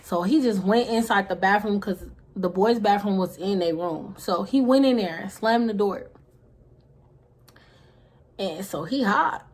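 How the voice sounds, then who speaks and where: Woman, breathy husky voice, casual storytime vlog, profane and slangy, whispers to act out scenes. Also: mid-range voice, unhurried, darkish tone. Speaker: vlogger.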